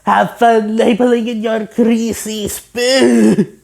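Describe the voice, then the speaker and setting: A woman voicing a snooty male talking spatula from a cartoon, speaking in a haughty, drawn-out way. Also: fairly high pitch, level tone, gravelly, darkish tone, a little hiss or hum, voice pushed up.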